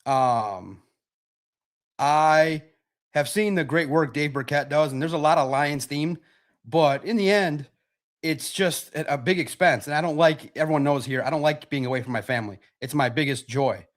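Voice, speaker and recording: Middle-aged man, sports stream host, a bit higher-pitched, rambling and thinking aloud. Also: normal speed. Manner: rambling, repeats himself, thinks out loud. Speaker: sports podcast host reading chat questions. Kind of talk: casual livestream chat.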